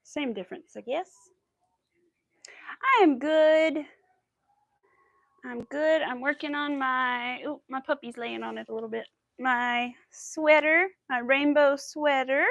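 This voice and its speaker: A woman's voice: sits high, steady tone, takes it slowly, gravelly, long pauses, fairly bright tone, no room sound. A young woman hosting a crochet livestream, chatting casually and rambling through stories with quoted asides. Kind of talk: casual chat while crocheting.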